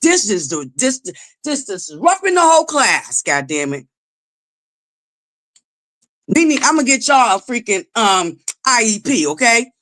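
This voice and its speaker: A woman hosting a casual gossip commentary vlog, sassy and profane, scolding her viewers and swinging from low asides to loud exclamations. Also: very animated, measured pace, long pauses. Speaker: commentary vlogger.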